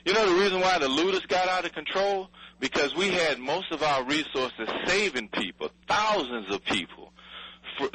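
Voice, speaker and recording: Husky New man, angry and blunt, heard over radio audio. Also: on the high side, bright, forceful tone, low-quality recording. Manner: furious, blunt, swearing, pleading. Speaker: city official interviewed by radio.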